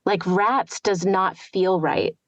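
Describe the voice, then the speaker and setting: A woman's voice: mid-range voice, takes it slowly, dry recording, lo-fi sound. A woman student practicing an accent, tentative and reflective as she describes how it feels.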